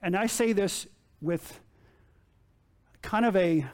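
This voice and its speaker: A man's voice: sits high, takes it slowly, a little mellow. A male pastor giving a sermon in a conversational way, repeating key phrases and asking the congregation questions.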